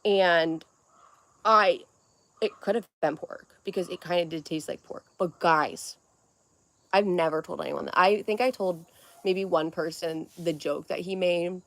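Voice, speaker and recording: A woman's voice: lowish voice, unhurried, fairly bright tone. A young woman hosting a livestream, chatting casually and rambling as she reads viewer comments aloud, swearing freely. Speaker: livestream host.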